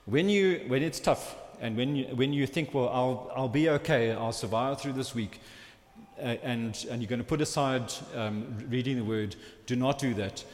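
A man preaching, telling a personal story in a halting, rambling way with many restarts. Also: medium pitch. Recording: long hall reverb.

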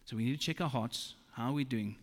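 A man preaching a sermon, slow and emphatic, quoting scripture. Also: mid-range voice. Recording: long reverb of a large hall.

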